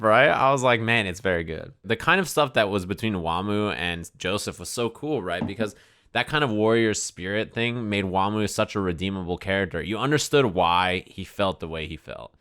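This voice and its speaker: A young man chatting on his stream with a smooth, resonant voice that sits a little low. He swears freely and keeps jumping into loud, animated impressions. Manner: excited, profane, jumps into animated impressions. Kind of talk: casual chat.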